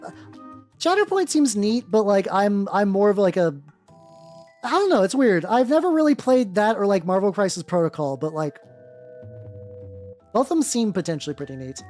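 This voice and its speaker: Animated, rambling streamer chatting over faint music. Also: medium pitch, normal speed, long pauses. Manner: rambling, restarts often, swears casually, greets chat viewers. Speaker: miniature-painting streamer. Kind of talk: casual livestream chat while painting.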